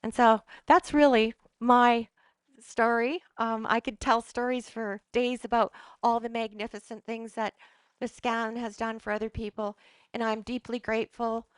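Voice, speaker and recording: Earnest middle-aged woman, clear dry voice. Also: fairly high pitch, flat delivery, unhurried, no echo. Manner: earnest and emphatic, with frequent restarts. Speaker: holistic practitioner. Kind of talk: motivational talk to a live audience.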